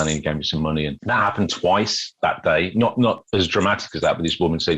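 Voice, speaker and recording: A man's voice: sits low, fast, few pauses, slightly rough, dull audio. A middle-aged British man, a busker, telling stories in a casual interview, often repeating words as he goes. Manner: animated storyteller, repeats words, acts out quotes. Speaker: guest busker.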